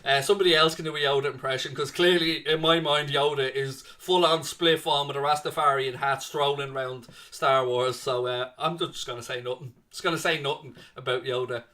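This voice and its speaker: A man's voice: medium pitch, steady tone, fairly quick, hardly any pauses, pushed and bright. A man hosting a live football watchalong who chats casually and reads viewers' comments aloud.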